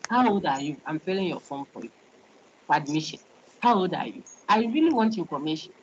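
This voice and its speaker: Ghanaian woman lecturing in a low voice. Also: lively intonation, fast talker, a little mellow, a little hiss or hum. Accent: Ghanaian English. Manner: repeats words, asks "okay?" to check understanding. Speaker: university lecturer. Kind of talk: online class lecture with student questions. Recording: dull lo-fi online call audio.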